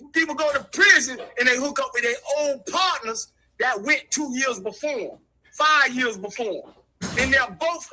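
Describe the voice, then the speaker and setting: High bright-voiced man preaching hard. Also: rough recording. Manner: emphatic and repetitive, preachy. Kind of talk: impassioned street-wise lecture.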